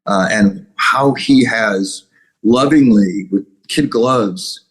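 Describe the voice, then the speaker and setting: Husky man chatting loosely. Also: lowish voice, slow pace, low-quality recording. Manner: rambling, restarts often. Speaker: guest musician. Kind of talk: casual interview chat.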